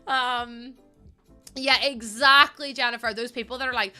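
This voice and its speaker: A young woman rambles through casual chat as she streams, giggling often. Her voice is bright and sits a little high. Faint music plays behind her. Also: fairly even intonation, measured pace. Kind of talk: casual chat while gaming.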